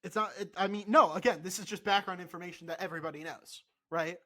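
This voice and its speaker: A man co-hosting a podcast in casual chat, animated and insistent, swearing freely. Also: sits high, fast talker. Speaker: podcast co-host.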